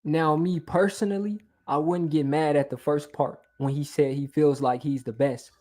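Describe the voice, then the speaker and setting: A man's voice: fairly high pitch, steady tone, moderate pace, dark tone. A man hosting a commentary video, narrating a scripted, argumentative breakdown point by point. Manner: argumentative, explains step by step. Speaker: commentary channel host.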